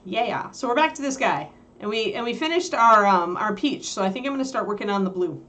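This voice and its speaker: A woman's voice: mid-range voice, expressive, a little fast, a bit bright. A woman hosting a casual livestream about painting miniatures. She chats in a rambling way and keeps breaking off to talk to her puppy. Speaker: miniature painting stream host.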